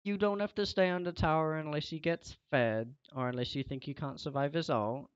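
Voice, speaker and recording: Young guy streaming games, fairly high voice, dry and kinda dull lo-fi sound, scolds his teammate. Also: fairly even intonation, a little fast, clear, resonant tone, no echo. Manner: scolding, lecturing a teammate, voice rising. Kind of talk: casual game stream chat.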